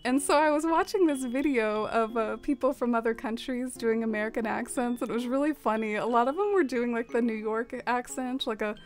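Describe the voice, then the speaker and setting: A young woman streamer with a slightly high voice, chatting softly and loosely with her viewers as she plays. She rambles, leans on fillers and lets her thoughts trail off. Faint game music plays quietly behind her. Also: fairly quick, few pauses. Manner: soft-spoken and rambling, many fillers and trailing off. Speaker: live streamer. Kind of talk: casual stream chat while playing a game.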